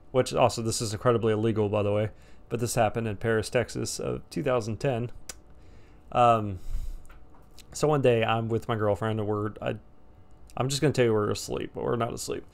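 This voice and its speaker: A man around thirty telling a casual storytime story in a rambling, profane, laid-back way. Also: fairly low pitch. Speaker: storyteller vlogger.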